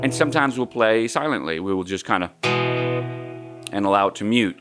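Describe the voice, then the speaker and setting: A man with a fairly low voice walks through a guitar lesson in a relaxed, easygoing way, counting out the strumming pattern. His acoustic guitar plays clearly underneath as he talks. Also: brisk. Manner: easygoing, counts strums aloud, sings snatches of melody. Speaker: guitar teacher.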